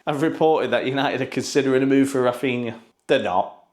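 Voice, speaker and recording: A man's voice: mid-range voice, brisk. A man giving casual, sarcastic football news commentary, full of swearing and mocking asides.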